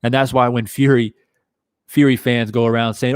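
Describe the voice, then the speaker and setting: A man's voice: medium pitch, moderate pace, smooth, dry recording, clean studio sound. A man hosting a live boxing stream, chatting casually with viewers and swearing freely. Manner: casual, profane, animated talker. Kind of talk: live stream commentary reading chat.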